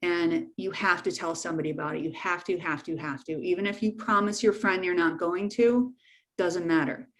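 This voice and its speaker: A woman's voice: fairly low pitch, steady tone, moderate pace, a bit bright. A middle-aged woman counselor giving a frank, informal webinar talk to teens, repeating key points for emphasis. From United States.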